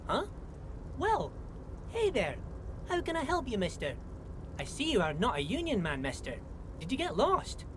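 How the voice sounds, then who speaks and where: A man's voice: very high voice, wildly swooping pitch, normal speed, pauses often, background noise, pitched above the performer's own voice, exaggerated voice. A man voicing a small, friendly immigrant dock worker who repeats himself and keeps saying "mister" in a folksy way. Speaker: voicing a game character. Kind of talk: game dialogue read aloud.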